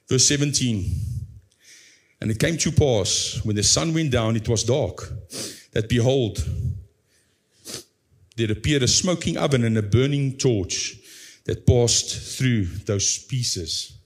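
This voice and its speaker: A pastor preaches a sermon, reading scripture aloud and acting out a pleading believer in a high, anguished voice before dropping low and slow. His delivery is animated.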